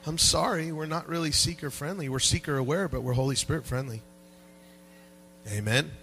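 A man preaching a sermon as pastor in a church, animated and joking with the congregation, dropping to quiet asides and rising to loud peaks. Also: fairly high pitch, moderate pace, pauses often, a little hiss or hum, poor audio. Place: church sanctuary.

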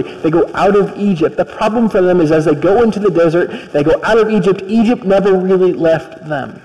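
A man's voice: fairly high pitch, a little mellow. A man preaching a conversational sermon, retelling stories and acting out the characters. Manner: conversational storytelling, acts out characters. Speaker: pastor. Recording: long reverb of a large hall.

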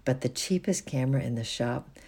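A gravelly, husky storybook reader. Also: medium pitch, a little fast, darkish tone. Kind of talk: storybook reading.

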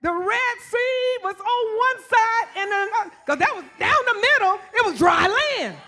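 A woman preacher giving a shouted, repetitive sermon in a church, calling out congregants by name and drawing responses. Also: extremely high pitch, lively intonation, a little slow.

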